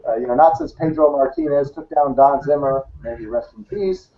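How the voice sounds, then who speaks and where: A man's voice: on the high side, lively intonation, normal speed, gravelly, narrow, tinny audio. A man hosting a casual sports panel over an online call, asking long questions and laughing often. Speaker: talk show host.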